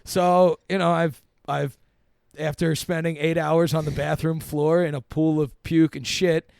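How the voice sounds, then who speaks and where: Young man, comedian guest, gravelly voice, dry close mic, swearing and relaxed. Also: fairly high pitch, unhurried, no echo. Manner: laid-back, profane, laughs while telling. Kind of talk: casual storytelling.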